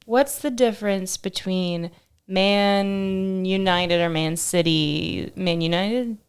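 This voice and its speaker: A woman co-hosts a casual podcast chat in a smooth, clear voice. She rambles and giggles often, and her questions wander before they land. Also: mid-range voice, slow pace. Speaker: podcast producer and co-host.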